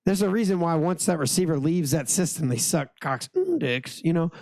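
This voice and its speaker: Hoarse, gravelly man riffing on football. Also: on the high side, sing-song, moderate pace, darkish tone, dry recording. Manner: rambling, crude, jokey. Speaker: podcast co-host. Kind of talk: casual sports chat.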